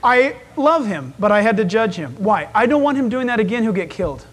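Male preacher, very high voice, lively storyteller who acts out voices. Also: fairly quick. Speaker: pastor. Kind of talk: sermon.

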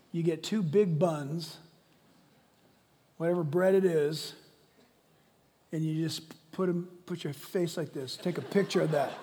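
A man preaching a sermon as pastor, swinging from shouting to hushed, quiet lines. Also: high voice. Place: church sanctuary. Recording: long reverb of a large hall.

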